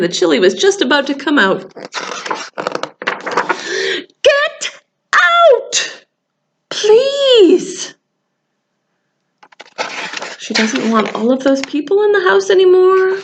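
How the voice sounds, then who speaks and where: Woman, children's librarian; lively high storytelling voice, unhurried, faint noise. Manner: animated storytelling, sings a call-and-response song. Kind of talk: children's story time reading.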